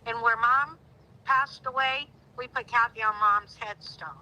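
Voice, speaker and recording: A middle-aged woman appears as a guest in a casual conversation, speaking with heartfelt emotion that sometimes rises into indignant outbursts. Her voice is fairly high, pushed and bright, with fairly even intonation at a measured pace, and the recording is low quality.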